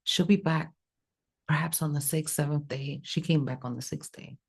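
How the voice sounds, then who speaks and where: A woman psychic medium telling a personal story in an interview, animated and acting out the dialogue. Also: low voice, normal speed, vocal fry, husky. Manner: animated, acts out quoted dialogue. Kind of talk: emotional storytelling.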